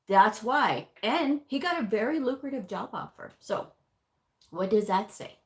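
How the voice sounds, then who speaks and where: A woman's voice: a little high, animated, unhurried. A woman teaching medical coding in a casual livestream, talking frankly and speaking straight to her viewers. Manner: frank, chatty, addresses viewers directly.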